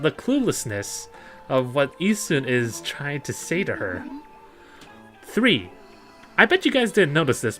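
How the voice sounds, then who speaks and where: A man doing let's play commentary, joking and giggly, excitable about the game. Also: fairly high pitch.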